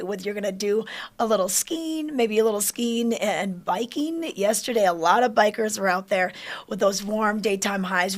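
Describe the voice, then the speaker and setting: Upbeat woman hosting a morning show. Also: medium pitch. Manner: upbeat, chatty, rundown of the show. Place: studio newsroom.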